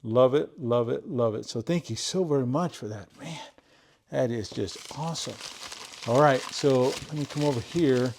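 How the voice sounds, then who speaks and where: A man chatting to the camera while he opens viewer mail of old tools. He is effusive, repeats his praise and fills pauses with "uh" as he thinks aloud in his garage. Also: mid-range voice, darkish tone. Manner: thinks aloud with many fillers. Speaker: tool collector opening viewer mail. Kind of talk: casual unboxing chat to camera. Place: home garage.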